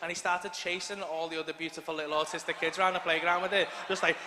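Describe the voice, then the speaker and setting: English male stand-up in his 30s, high voice, rambling and sweary, live arena sound with long reverb. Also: little pitch movement, fast talker, noisy background. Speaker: stand-up comedian. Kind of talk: stand-up storytelling. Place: large arena stage. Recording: echoey arena, live audience.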